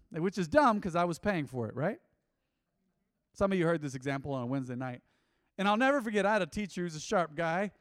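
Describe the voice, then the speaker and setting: High-voiced, animated male pastor. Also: dry recording, studio quality, big-room sound. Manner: animated, emphatic preaching with acted-out quotes. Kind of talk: sermon. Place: church.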